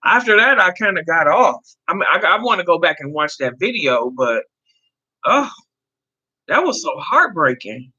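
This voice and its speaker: A woman's voice: fairly low pitch, sing-song, moderate pace, pushed and bright, breathy edge, dull audio. A woman in her fifties hosting a casual live chat, talking to viewers and answering their comments as she goes. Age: 50s. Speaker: livestream host.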